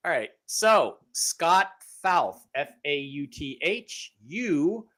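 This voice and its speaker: A man's voice: a little high, very slow. A man hosting a live-streamed talk show, reading out giveaway winners in a casual, repetitive way with many fillers. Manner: animated, repeats phrases, many fillers. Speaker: show host.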